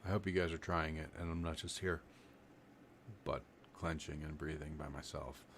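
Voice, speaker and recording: A man with a very low voice guides a breathing exercise over a live stream. He talks in a loose, rambling way, demonstrating as he explains. A faint hiss sits under the recording. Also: normal speed. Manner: relaxed, rambling, demonstrates while talking. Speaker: livestream meditation teacher. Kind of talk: casual live-stream instruction.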